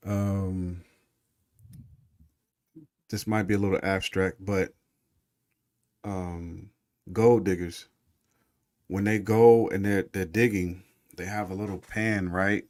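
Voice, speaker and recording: A man's voice: sits low, steady tone, slow, pauses often, a little mellow, dry recording, clean studio sound. A man guest in a casual interview, talking in a laid-back, encouraging way.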